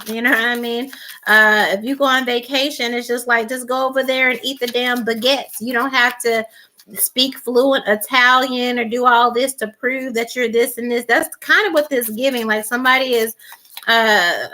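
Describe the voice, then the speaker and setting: Bright, high-voiced woman reading tarot. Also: fairly even intonation, normal speed. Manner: rambling, frequent fillers and restarts; blunt, slangy, teasing. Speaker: tarot reader. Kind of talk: casual tarot reading monologue.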